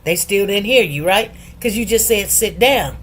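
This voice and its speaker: A woman's voice: medium pitch, expressive, moderate pace, breathy edge, soft background music. A middle-aged woman hosting a casual live stream, chatting loosely, greeting viewers by name and repeating words for emphasis. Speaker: livestream host.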